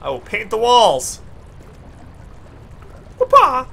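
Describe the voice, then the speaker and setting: A man's voice: high-pitched, sing-song, normal speed, bright, forceful tone. A man streaming a horror game, screaming often and blurting silly minced curses between goofy play-voices. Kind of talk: live gameplay commentary.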